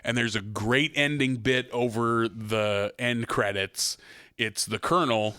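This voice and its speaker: A man's voice: medium pitch, fairly even intonation, measured pace, bright, forceful tone, clean tone, no echo. Laid-back man, dry close mic. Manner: swears often, laid-back. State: voice getting strained. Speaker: podcast co-host. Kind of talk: casual chat recapping episodes.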